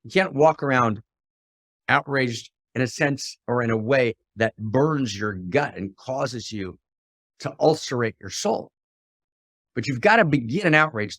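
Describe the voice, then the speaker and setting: A middle-aged man giving an impassioned spiritual talk. He drops to a hush, then rises to fiery outbursts full of rhetorical questions and repetition. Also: mid-range voice, lively intonation, unhurried, no room sound, studio quality. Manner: swings from hushed to fiery and exclamatory. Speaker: spiritual teacher.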